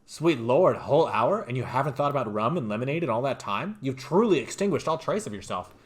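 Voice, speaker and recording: A man's voice: on the low side, a little fast, natural voice. A man voicing a tempting inner voice of vice in a video game that urges him toward drink.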